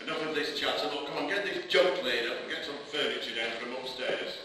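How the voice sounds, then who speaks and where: An actor with a Black Country accent playing a bossy army corporal who barks orders on stage. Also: male voice, medium pitch, a little fast, close to an everyday voice. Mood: irritated. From Black Country, England. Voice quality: brusque, barking orders. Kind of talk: amateur stage play. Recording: echoey hall, from far off, audience room noise.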